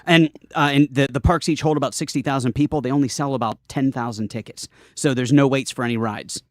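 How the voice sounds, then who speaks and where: A man's voice: medium pitch, fairly even intonation, fast talker, no echo, studio quality. A man guesting on a podcast, telling a story in casual chat, laughing often and quoting people in his own voice.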